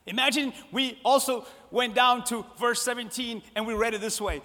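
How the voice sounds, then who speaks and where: A man preaching a sermon, repeating phrases and swinging between loud emphatic lines and soft, hushed ones. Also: very high-pitched, fairly even intonation, moderate pace, hardly any pauses. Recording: long hall reverb.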